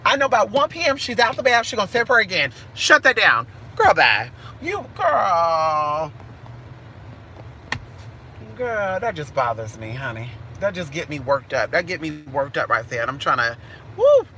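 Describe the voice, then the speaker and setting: Brash woman reader, bright voice, street-smart and profane, with faint noise behind. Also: low-pitched, lively intonation, brisk, hardly any pauses. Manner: sassy, profane, calls listeners honey and girl. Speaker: spiritual reader. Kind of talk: casual live-stream chat with viewers.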